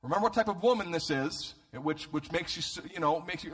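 A male pastor preaching a sermon, animated and humorous, often repeating words as he starts a phrase. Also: a little high, a little fast, hardly any pauses.

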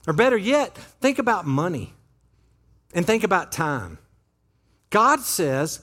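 Pastor, male, lively sermon delivery with a high, swooping voice, talking straight to the congregation. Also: slow pace, pauses often. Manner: animated, conversational preaching with acted-out quotes. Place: church sanctuary.

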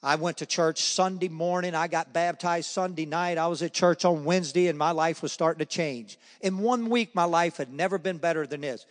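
Telling his testimony of faith, a slightly high-voiced man keeps a moderate pace with few pauses, bringing the story to life by voicing its characters. His words echo with a long reverb, as though spoken in a big meeting hall.

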